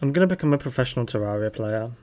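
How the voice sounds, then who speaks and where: A man's voice: medium pitch, lively intonation, racing, warm tone. Playful giggly male streamer. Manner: playful and giggly, with sudden yelps. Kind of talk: casual gaming chat.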